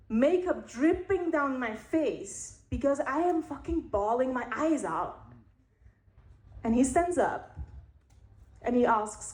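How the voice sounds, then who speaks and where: A woman telling a frank personal story, candid and wry, with pauses for effect. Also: fairly high pitch. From Netherlands. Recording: roomy echo.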